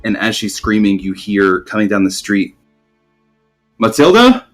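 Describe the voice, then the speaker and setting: Low-voiced man running a tabletop game. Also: flat delivery, moderate pace, soft background music. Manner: rambling, many ums and restarts. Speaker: game master.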